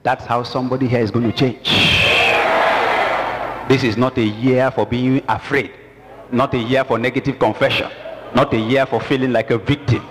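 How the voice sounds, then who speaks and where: A man's voice: mid-range voice, flat delivery, moderate pace, noisy background. A man preaching a sermon with emphatic call-and-response to the congregation. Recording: long church reverb with music.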